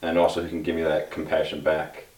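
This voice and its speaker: A man's voice: a bass voice, monotone, fast. A young man in a casual chat with friends, speaking hesitantly with many fillers. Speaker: guest. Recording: roomy sound from a distant mic.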